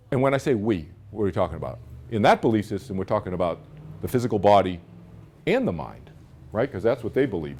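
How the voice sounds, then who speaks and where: A middle-aged man speaks to a seminar audience in a loose, storytelling way. His voice sits fairly low yet moves with a very animated, rising-and-falling melody. He keeps pausing to check that listeners are following. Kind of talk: live seminar talk.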